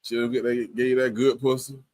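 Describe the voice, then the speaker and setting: A man's voice: medium pitch, little pitch movement, brisk, a little mellow. A man co-hosting a casual podcast, talking crudely with an emphatic drawl. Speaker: podcast co-host. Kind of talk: candid casual podcast chat.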